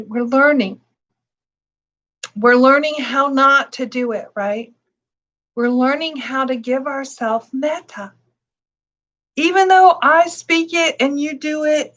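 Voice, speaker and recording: A woman teaching meditation in a calm, reassuring way, often repeating herself and laughing softly. Her voice sits high, and she speaks slowly and patiently, leaving plenty of space between her words. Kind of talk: gentle spoken meditation teaching.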